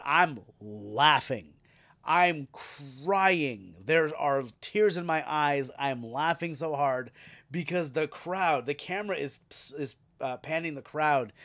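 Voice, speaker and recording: A man hosting a podcast, recapping a wrestling show in a casual, animated and profane way, laughing as he retells it. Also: fairly high pitch. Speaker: podcast host.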